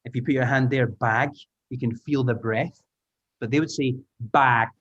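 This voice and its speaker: A man leads an online class with lively encouragement and patient explanations. His voice has an ordinary middle pitch and comes over a slightly muffled call line. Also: fairly quick, husky. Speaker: teacher trainer. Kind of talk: online language lesson. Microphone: video call.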